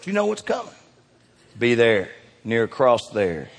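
A middle-aged man preaching a folksy sermon, swinging from loud emphasis down to hushed, quiet lines. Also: medium pitch, huge pitch swings, moderate pace. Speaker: pastor. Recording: reverberant hall.

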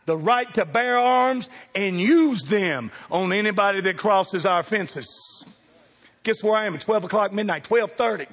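A man preaching a humorous storytelling sermon, animated and jokey, swinging from hushed asides to loud calls. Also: sits high, unhurried. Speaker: pastor. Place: church sanctuary with congregation. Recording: long hall reverb.

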